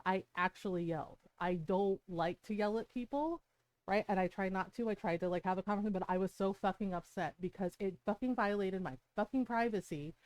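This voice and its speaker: A woman's voice: mid-range voice, darkish tone, no echo, rough recording. A middle-aged woman game streamer telling a story on a live stream, heated and emphatic, swearing often.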